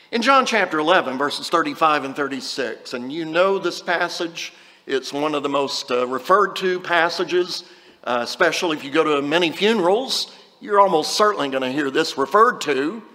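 A man delivers a sermon in an easygoing, conversational way, reading scripture aloud between plain remarks. His voice sits high for a man and sounds bright and clear. A long reverb trails his words, as in a large hall. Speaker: preacher.

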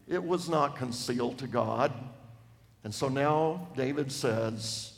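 A man preaching a sermon on a Bible passage, emphatic, dropping from loud to hushed for effect. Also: mid-range voice, takes it slowly, gravelly. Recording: long reverb of a large hall.

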